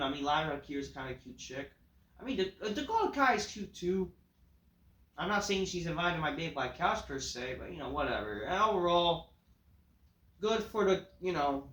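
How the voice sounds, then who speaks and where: A man's voice: fairly high pitch, expressive, normal speed, a bit bright. A man reviewing a wrestling show in a casual, profane, dismissive rant full of filler words. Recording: echoey room.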